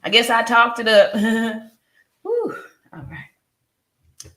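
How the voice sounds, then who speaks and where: A woman's voice: fairly high pitch, sing-song, very slow, sharp tone, roomy sound. A woman in her fifties hosting a casual live stream, greeting viewers by name, reading their comments aloud and laughing often. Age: 50s.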